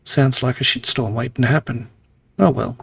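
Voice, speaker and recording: A man reading the lines of a gruff, blunt ex-convict from a video game in a flat, plain way. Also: medium pitch, normal speed.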